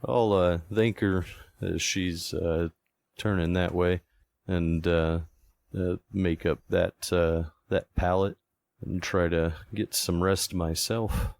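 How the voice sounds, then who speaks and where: A man's voice: sits low, fairly even intonation, slow pace, creaky, a little mellow. A man playing a tabletop game, speaking hesitantly with many fillers. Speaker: player. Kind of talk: casual tabletop play.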